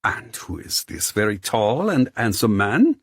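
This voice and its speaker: A man's voice: lowish voice, huge pitch swings, measured pace, gravelly, breathy edge, no echo, clean studio sound, voice pushed up, heavily acted. A man voicing a flamboyant, effusive male host with a sing-song, theatrical delivery in an audiobook. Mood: gushing. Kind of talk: audiobook character voice.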